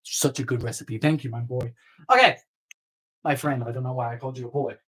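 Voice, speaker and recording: A man hosting a live baking stream, chatting playfully with viewers, trailing off and restarting, with sudden high squeals. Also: steady tone, fairly quick, a bit bright, low-quality recording. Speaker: baking show host.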